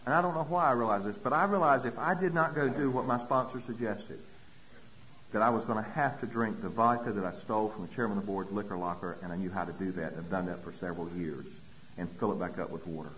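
A man sharing his recovery story from a podium as a personal testimony, telling it in an animated way and acting out other people's voices. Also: lowish voice, quick pace. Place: speaking at a podium. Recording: dull lo-fi recording with faint hiss.

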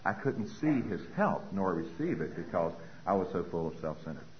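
A man's voice: sits low, sing-song, moderate pace, muffled recording, slight background noise. A middle-aged man giving a personal recovery talk, earnest and repeating key phrases for weight. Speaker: recovery meeting speaker.

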